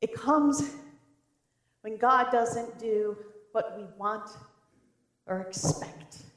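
A woman pastor preaching a sermon, telling the story in a lively, animated way. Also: fairly high pitch, extremely slow. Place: church. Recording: roomy church echo.

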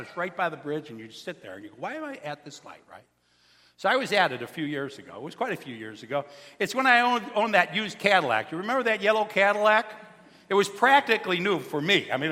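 A pastor preaching a sermon, telling stories in a chatty way and asking the congregation questions. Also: male voice, on the high side, long reverb tail. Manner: animated, conversational, asks the congregation questions. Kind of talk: sermon with storytelling.

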